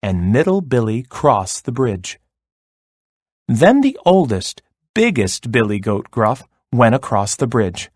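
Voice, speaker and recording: A man reading a children's story aloud in a slow, expressive way. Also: medium pitch, no room sound, studio quality. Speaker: narrator.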